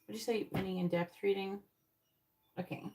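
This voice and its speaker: A woman's voice: medium pitch, fairly even intonation, normal speed, mellow. A woman giving tarot readings on a live stream, chatting directly with viewers in the chat. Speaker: tarot reader.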